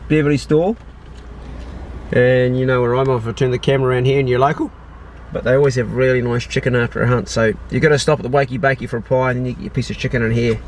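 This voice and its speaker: A man with a New Zealand accent hosting a vlog, chatting casually to camera in a relaxed, easygoing way with plenty of slang. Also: medium pitch, quick pace, slight background noise. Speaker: vlogger host.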